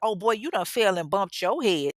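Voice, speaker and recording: A furious wife snaps back in sassy, profane bursts, as a woman storyteller acts her out. Her pitch leaps high and low. The voice sits close and dry. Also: expressive, moderate pace, dry recording, lightly acted. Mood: indignant.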